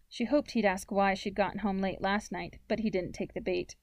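Calm woman narrating a story, dry booth. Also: medium pitch, normal speed, few pauses, no echo. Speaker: audiobook narrator.

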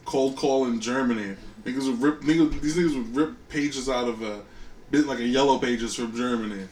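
A man co-hosting a podcast, telling a job story in relaxed casual chat with laughs. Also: mid-range voice, moderate pace, reverberant, far from the mic, a little hiss or hum. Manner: laid-back storytelling, laughs. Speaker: podcast co-host.

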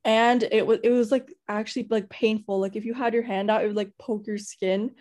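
Mellow-voiced young woman gushing on a podcast. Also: mid-range voice, steady tone, fairly quick. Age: young adult. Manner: rambling and gushing, heavy use of "like". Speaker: podcast co-host. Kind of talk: casual chat.

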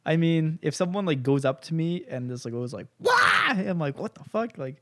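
Laid-back young man, slightly high voice. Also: a little fast, background noise. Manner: laid-back, swears freely, animated storytelling with voiced impressions. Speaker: podcast co-host. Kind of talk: casual chat.

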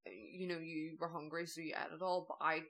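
A young woman, co-hosting a podcast and chatting casually, with plenty of "like" and drawn-out emphasis. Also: deep voice, flat delivery, a bit bright. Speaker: podcast co-host. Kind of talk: casual storytelling chat.

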